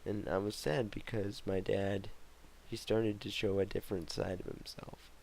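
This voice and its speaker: A young man telling his life story in a vlog, halting and emotional with many fillers and restarts. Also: on the low side, level tone, vocal fry, darkish tone, slight background noise, low-quality recording. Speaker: vlogger telling his memoir. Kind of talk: personal memoir vlog.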